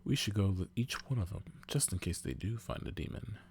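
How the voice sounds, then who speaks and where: A man's voice: low-pitched, expressive, brisk, a little mellow. A man voicing a stuffy middle-aged British male librarian mentor in a put-on British accent, prim and formal.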